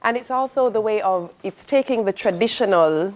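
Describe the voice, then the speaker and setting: A woman's voice: medium pitch, moderate pace, a crowd in the background. A woman hosting a morning television show, chatting playfully and laughing with her guests. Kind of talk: lively live TV chat.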